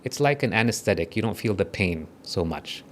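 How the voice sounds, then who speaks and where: Lively-voiced South African man leading meditation. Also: lowish voice, fairly quick, a little hiss or hum. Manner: gentle, conversational, checks in with listeners. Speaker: spiritual speaker leading a meditation. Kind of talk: devotional talk and guided meditation.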